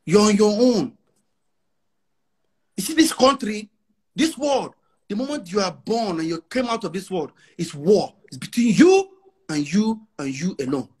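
Nigerian man in his 40s with a Pidgin-laced accent, boastful interview guest, high husky voice with lively swings. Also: moderate pace. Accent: Nigerian English with Pidgin. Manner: emphatic, repeats himself, mixes in Pidgin.

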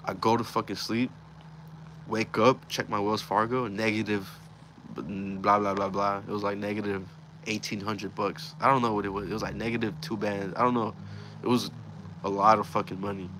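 A young man with a fairly low voice, talking loosely and profanely as he recounts a story from his own life. His delivery is casual and slangy, with plenty of restarts. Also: little pitch movement, normal speed, noisy background. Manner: slangy, profane, rambling retelling. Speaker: vlogger telling a personal story.

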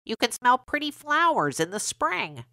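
A woman's voice: a little high, sing-song, unhurried, a bit bright, no echo, pitched above the performer's own voice, heavily acted. A woman voicing a talking nose in a children's story that grunts to be noticed. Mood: eager.

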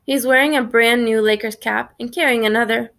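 A woman's voice: fairly high pitch, steady tone, a little fast, gravelly, a bit bright. A woman narrating a children's story in the first person, reading expressively. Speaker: audiobook narrator.

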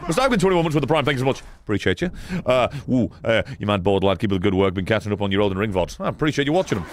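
A man's voice: fairly low pitch, sing-song, racing, a little hiss or hum. A man streaming a game live, commenting sarcastically, talking back to the characters on screen and swearing often.

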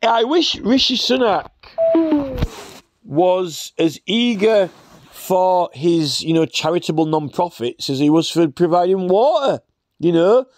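A man's voice: high voice, lively intonation, slow, no room sound, studio quality. A man delivering a rambling, sarcastic rant full of fillers. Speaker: commentator. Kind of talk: satirical rant.

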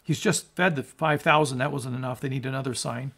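A man's voice: medium pitch, steady tone, fairly quick, gravelly, fairly bright tone. A man preaching a sermon as a pastor, emphatic and conversational, asking his listeners rhetorical questions. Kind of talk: sermon on scripture.

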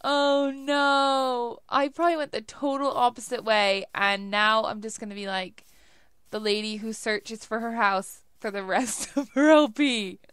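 A woman's voice: fairly high pitch, fairly even intonation, measured pace, fairly bright tone, clear, resonant tone, dry recording. A young woman giving casual let's play commentary, chatty and laughing often as she talks to herself while playing.

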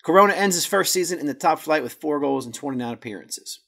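Husky man reading casual soccer notes. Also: on the high side, animated, fast talker, sharp tone. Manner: jokey asides, stumbles over Spanish words. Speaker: podcast host.

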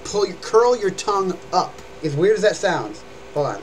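Over heavy background noise, a young man explains screaming and growling on a live stream, chatty and rambling, demonstrating as he goes. He has a high-pitched, sing-song voice and keeps a moderate pace.

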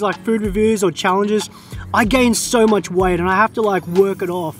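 A young Australian man with a noticeably high voice chats to camera outdoors. He is easygoing and talkative and lets out drawn-out "mm" sounds while tasting. Faint music plays underneath. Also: steady tone. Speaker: food vlogger. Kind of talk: casual chat to camera. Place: quiet open field outdoors.

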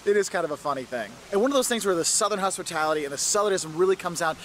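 A man's voice: sits high, lively intonation, racing, fairly bright tone, slight background noise. A man from the northern United States presenting a travel video, upbeat and emphatic, repeating his points. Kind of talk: enthusiastic travel video narration.

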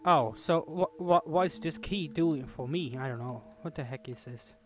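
Over faint background music, a young man with a fairly high voice talks at a moderate pace. He's providing horror game let's play commentary on his own channel, speaking to the characters and yelping or screaming when something startles him.

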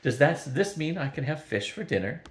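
A grandfather reading aloud as a sly, eager male cat from a storybook, speaking low and hushed. The recording has a noticeable roomy echo around the voice. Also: very animated, normal speed. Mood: smug. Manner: lower and softer than the narration.

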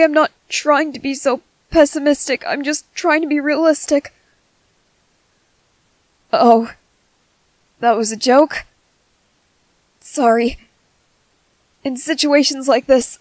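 A woman voicing an anxious young male soldier tending a wounded companion, soft and over-apologetic, in a whispered role-play. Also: sits high, no echo, poor audio.

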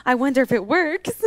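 A woman co-hosting a kids church skit on a stage, excitable and full of exclamations and gasps. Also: sits high. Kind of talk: comedic skit with co-host. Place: indoor theater stage. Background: background music.

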